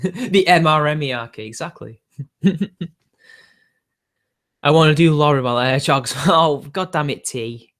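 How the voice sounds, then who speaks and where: A man's voice: a little high, unhurried, pauses often, fairly bright tone. A man hosting a casual livestream, talking off the cuff in a rambling, hedging way with frequent chuckles. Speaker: livestream host.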